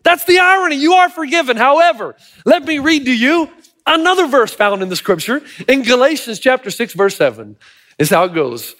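A man's voice: very high voice, lively intonation, brisk, a bit bright. A male pastor preaching a sermon, telling a joke with acted voices and asking the congregation rhetorical questions.

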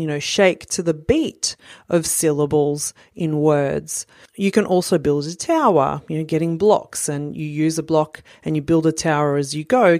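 A woman's voice: sits low, a little mellow, no echo, clean studio sound. A woman, probably in her thirties, giving a patient, instructional talk to parents, explaining step by step with casual fillers. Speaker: parent educator.

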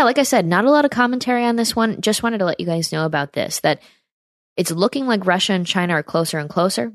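A woman's voice: fairly low pitch, no room sound, clean studio sound. An American woman hosting a political commentary show, reading news aloud with sarcastic, chatty asides to her viewers.

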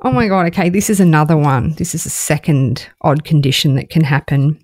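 A woman co-hosting a podcast in casual chat, animated and given to dramatic exclamations. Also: sits low, a little fast, no echo, clean studio sound. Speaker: podcast co-host.

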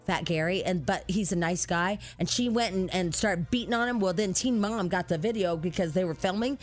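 A woman co-hosting a talk show, chatting casually and telling celebrity gossip in an animated storytelling way. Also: mid-range voice.

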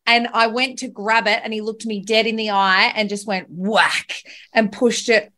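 A woman's voice: a little high, steady tone, moderate pace, bright, forceful tone. A woman hosting a podcast, telling a candid, emotional story about parenting. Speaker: podcast host. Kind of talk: casual podcast chat.

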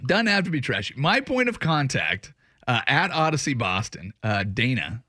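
A man's voice: medium pitch, big pitch swings, moderate pace, bright, forceful tone, no echo, studio quality. A man hosting a sports radio show, telling rambling stories in casual banter. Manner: rambling, chatty storyteller.

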